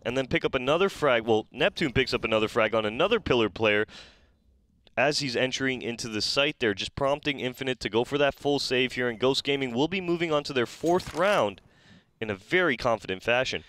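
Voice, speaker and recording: A man doing steady, explanatory play-by-play commentary on an esports match. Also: mid-range voice, brisk, dry recording.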